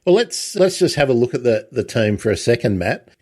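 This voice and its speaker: A man's voice: medium pitch, very animated, brisk, darkish tone. A man hosts a podcast conversation, speaking in an ordinary mid-range voice. He talks in a chatty way, and his questions wander and circle back before he reaches the point. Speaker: podcast host. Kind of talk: casual interview.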